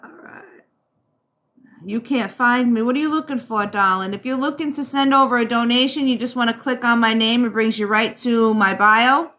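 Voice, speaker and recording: A woman with a Rhode Island accent hosting a live stream as a psychic reader. She chats with viewers, calls them darling, and fills pauses with ums. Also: a little high, steady tone, fairly bright tone. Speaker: psychic reader and livestream host. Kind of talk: live-stream chat and card reading.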